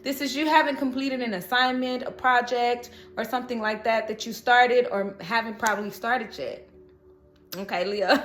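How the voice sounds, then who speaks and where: A woman's voice: a little high, a bit bright, echoey room, a little hiss or hum. Chatty, laughing woman tarot reader. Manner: chatty, laughs often, encouraging. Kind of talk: casual tarot reading.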